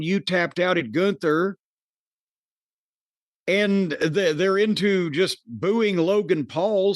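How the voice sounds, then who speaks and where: A man with a high-sitting voice hosts a podcast, delivering profane, opinionated takes on a wrestling show laced with dry jokes. There's no echo on the recording.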